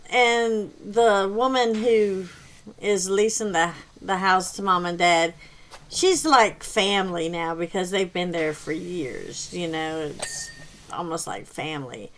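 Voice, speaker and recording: A woman hosting a gaming channel rambles through a casual story while she plays, laughing often. Her voice is medium-pitched with a fairly bright tone, and the recording is rough.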